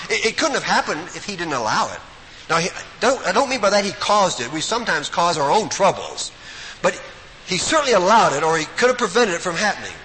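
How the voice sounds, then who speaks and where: Animated, bright-voiced male preacher. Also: sits high. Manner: animated, storytelling, emphatic. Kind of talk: sermon. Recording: echoey hall, faint room noise.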